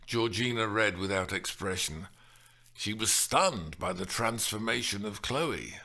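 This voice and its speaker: A man narrating an audiobook novel in a measured, expressive way. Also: sits low, vocal fry.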